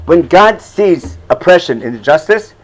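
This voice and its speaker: A man's voice: a little high, expressive, unhurried, poor audio. An older man teaching a Torah class in a loose, conversational way, often asking "you follow?" and chuckling at his own asides.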